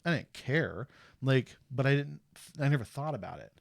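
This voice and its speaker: A man's voice: mid-range voice, moderate pace, vocal fry, no echo, clean studio sound. A man in his thirties telling stories on a casual stream, acting out what people said. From USA. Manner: animated storyteller who acts out quotes. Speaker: stream host. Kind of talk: casual storytelling.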